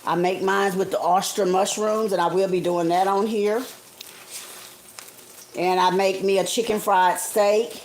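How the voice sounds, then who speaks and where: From her kitchen, a woman hosts a casual, homey live cooking stream, walking viewers through a recipe and calling them "honey" and "guys." Her voice is medium-pitched and a little mellow. The low-quality recording picks up faint kitchen noise and something sizzling on the stove.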